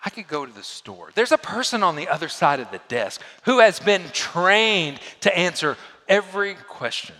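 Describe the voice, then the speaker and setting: A male pastor delivers a sermon in a bright, forceful voice that swings widely in pitch. He pushes hard on key phrases and then falls to quiet, hushed lines. The sound carries a long reverb, as in a large hall. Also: big pitch swings, normal speed. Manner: dynamic preaching, swinging from loud emphasis to hushed lows.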